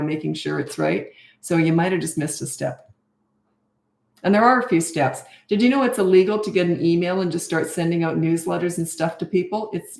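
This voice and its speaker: A woman in her sixties with a gravelly, creaky edge to her voice answers parenting questions in a candid, self-deprecating chat. Her voice rings in a roomy, echoey space. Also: deep voice, darkish tone. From Canada. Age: 60s. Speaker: parenting coach. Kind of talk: live Q&A chat.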